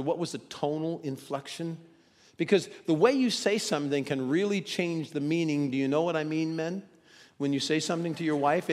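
A man preaching a sermon, moving between loud emphasis and hushed, dramatic quotes. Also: a little high, big-room sound.

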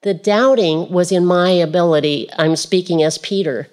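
A woman's voice: lowish voice, normal speed, darkish tone. A woman preaching a sermon, reading scripture aloud and repeating key phrases with rhetorical questions to the listeners.

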